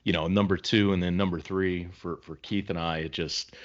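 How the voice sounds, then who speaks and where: A man's voice: deep voice, steady tone, moderate pace, muffled recording. A man co-hosting a podcast, telling rambling, anecdotal stories in casual chat. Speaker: podcast co-host.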